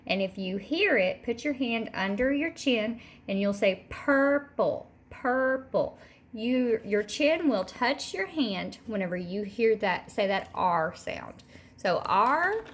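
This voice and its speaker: A woman teaching a recorded third grade word lesson, speaking clearly and repeating each word slowly for the children. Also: mid-range voice. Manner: slow, clear, modeling words by repeating them.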